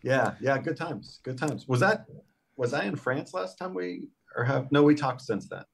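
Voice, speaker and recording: A man's voice: medium pitch, lively intonation, normal speed, gravelly, slight background noise. A man guesting on a talk show, chatting casually with wry humor. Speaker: guest author. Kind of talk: casual chat.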